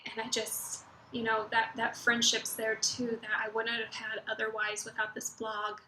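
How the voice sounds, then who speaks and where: A woman book blogger tells stories in a casual, gushing ramble, tripping over her words and restarting. Her voice sits fairly high and sounds bright and forceful. The room around her rings with echo. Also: completely flat delivery, normal speed, a little hiss or hum. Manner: chatty, gushing storyteller who stumbles and restarts often. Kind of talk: casual vlog chat. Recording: echoey room.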